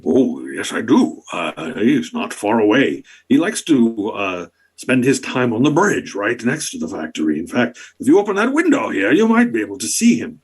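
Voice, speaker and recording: A man's voice: lowish voice, very animated, normal speed, few pauses, husky. A man voicing a flustered, overly polite male frog-person duke who stammers and fawns over his guests. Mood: courteous.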